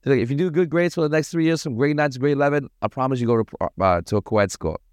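Guy talking fast, slangy and animated, telling stories on a podcast, dry close sound. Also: mid-range voice, no room sound. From Toronto, Canada. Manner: animated, slangy, acts out voices in his anecdotes. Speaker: podcast guest, party promoter. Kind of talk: casual storytelling.

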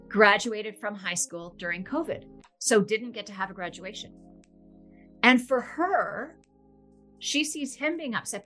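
Bright-voiced, expressive woman guest. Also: a little high. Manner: earnest and expressive, laughs easily, fillers like "you know". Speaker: podcast guest. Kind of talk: conversational podcast interview.

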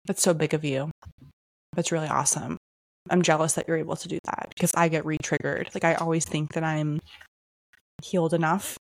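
Low-voiced woman talking in a dry room. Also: little pitch movement, a little fast, vocal fry, no room sound. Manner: candid and reflective, laughs between phrases. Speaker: podcast co-host. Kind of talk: casual chat.

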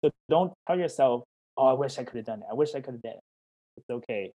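Brief Male life coach, mid-pitched, friendly and encouraging, chatty, heard over a video call. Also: expressive, fast talker, highs cut off. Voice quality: warm, encouraging, talks in questions and quoted dialogue. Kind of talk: interview answers, casual chat.

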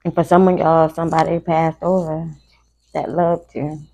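A woman's voice: deep voice, little pitch movement, warm tone, poor audio. A woman giving a casual, emotional live tarot reading to her viewers. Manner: slow, gravelly, chatty, emotional. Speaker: tarot reader.

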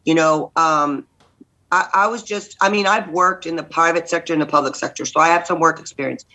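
A middle-aged woman from Texas, a guest candidate telling lively stories in a podcast interview and acting out the voices in them. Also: low voice, brisk, rough recording. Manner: lively, acts out voices in anecdotes. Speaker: guest, state senate candidate. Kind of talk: animated storytelling in a podcast interview.

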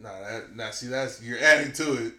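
A man co-hosting a casual podcast chat, animated and swearing, often laughing. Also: mid-range voice, normal speed. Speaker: podcast co-host. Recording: echoey room with faint ambience.

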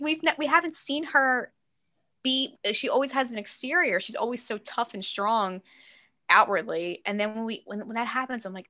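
A woman co-hosting a podcast, talking in a lively, casual way, acting out quotes and swearing freely. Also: moderate pace. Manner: animated, acts out quotes with big pitch jumps. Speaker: podcast co-host. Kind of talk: casual chat.

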